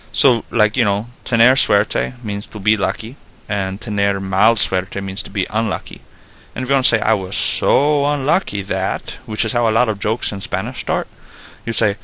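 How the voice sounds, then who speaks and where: Gravelly low-voiced man explaining casually. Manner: relaxed, rambling explanations full of "like" and "you know". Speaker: Spanish tutor. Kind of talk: casual spoken lesson.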